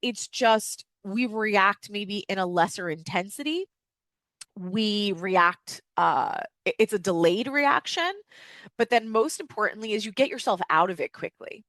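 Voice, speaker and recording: A woman's voice: medium pitch, lively intonation, measured pace, fairly bright tone, no echo. Candid swearing woman podcaster, dry sound. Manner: candid, swears freely, many fillers. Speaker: podcast host. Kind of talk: casual personal-growth podcast talk. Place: home with dogs.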